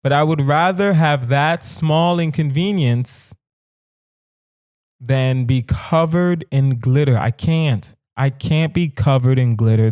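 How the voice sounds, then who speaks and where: Animated man riffing comedically. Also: a little high, no room sound, studio quality. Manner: animated, emphatic, repetitive riffing. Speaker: podcast host. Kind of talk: casual comedic monologue.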